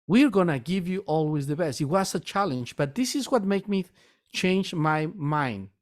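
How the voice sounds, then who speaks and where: A man with a slightly higher voice tells his own story in an earnest, unpolished way. He stumbles and repeats words, then pushes on. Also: expressive, darkish tone. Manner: earnest, halting, repeats words when emotional. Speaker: metaphysical store owner and meditation teacher. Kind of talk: personal storytelling talk.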